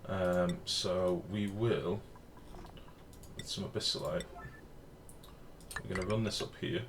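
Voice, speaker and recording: In a home room with the window open, faint street noise in the background, a man casually commentates his game stream, responding to viewers and swearing from time to time. His voice is low and steady, and he talks slowly.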